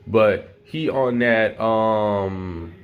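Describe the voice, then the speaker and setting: A man's voice: on the low side, very slow, phone-quality sound. A young man casually retelling a fan story in heavy slang, rambling, swearing and making sound effects.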